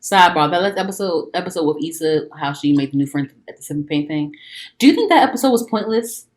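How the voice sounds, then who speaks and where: Young woman podcast cohost, chatty gossip, fast and animated. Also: sits low. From DMV area, US. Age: young adult. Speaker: podcast co-host. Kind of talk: casual chat.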